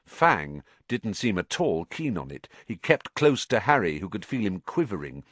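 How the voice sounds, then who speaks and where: A man reading a story aloud as an audiobook narrator in an expressive, dramatic way. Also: lowish voice, normal speed, no echo.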